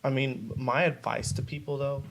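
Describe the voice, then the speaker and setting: A man who is a guest on a podcast, talking in an easygoing, measured way and leaning on "you know". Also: medium pitch, level tone. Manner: laid-back and measured, lots of "you know". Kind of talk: casual interview chat.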